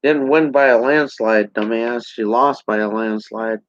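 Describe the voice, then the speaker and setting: A man's voice: mid-range voice, a little slow. A man ranting sarcastically to a camera, heated and rambling. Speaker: vlogger. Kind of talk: political rant to camera. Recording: dull lo-fi sound.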